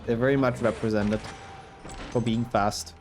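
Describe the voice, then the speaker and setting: A man's voice: medium pitch, steady tone, measured pace, music in the background. A young man with a sick voice, casually commentating his speedrun and answering chat. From Germany. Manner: chatty, reads and answers chat while playing. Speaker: speedrunner streamer.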